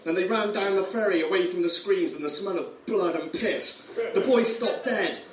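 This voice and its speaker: A man's voice: high voice, normal speed, crowd noise. A man reading a comic horror story aloud, amused and chuckling often. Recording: roomy room, distant mic.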